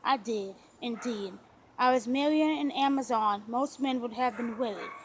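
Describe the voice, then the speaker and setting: Woman lowering her voice for a tender lovestruck gentleman. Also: moderate pace, slight background noise, rough recording. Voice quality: soft, murmuring delivery.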